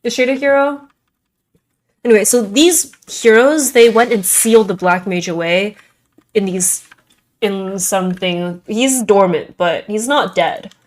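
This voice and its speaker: A young adult woman streaming a game and chatting casually, rambling with lots of "like" in a Valley Girl-ish way. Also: a little high. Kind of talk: casual gaming stream chat.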